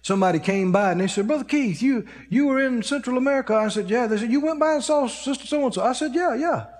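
A man preaching a sermon, telling a story with lively swings between hushed low talk and high excited bursts. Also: fast. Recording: reverberant hall.

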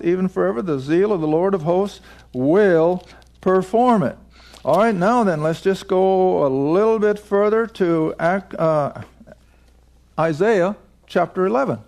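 Gravelly guy preaching thru bible verses, fairly high voice, keeps asking the crowd stuff. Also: a little mellow. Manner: emphatic, asks the audience questions and answers them. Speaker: Bible teacher. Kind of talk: Bible teaching broadcast.

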